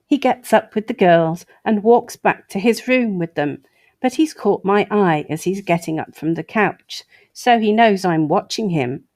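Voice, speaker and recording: A woman's voice: mid-range voice, darkish tone, no room sound. A woman hosting her own show, reading an article aloud and breaking off for sarcastic asides. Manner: sarcastic asides between read passages. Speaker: host.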